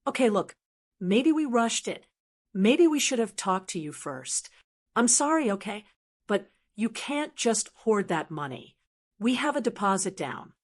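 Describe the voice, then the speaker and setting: Woman reading as a shouty bullying adult son, blustering, kinda high and loud. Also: sing-song, unhurried. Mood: pleading. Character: furious grown son, shouting and demanding.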